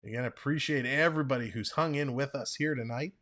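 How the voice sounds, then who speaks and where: A man's voice: fast talker, a bit bright. Guy streaming baseball play-by-play, chats w viewers, regular mid voice. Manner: chatty, reads viewer comments aloud between pitches. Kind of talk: casual play-by-play with chat reading.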